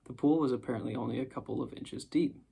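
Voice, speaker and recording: A man narrating a storybook chapter in a calm, measured reading. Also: mid-range voice, creaky, husky. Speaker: audiobook narrator.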